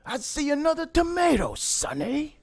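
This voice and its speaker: A man's voice: very high voice, wildly swooping pitch, normal speed, vocal fry, no room sound, voice pushed up, exaggerated voice. A man putting on the voice of a cranky older man who scolds someone as "sonny" and threatens to boot him. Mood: scolding.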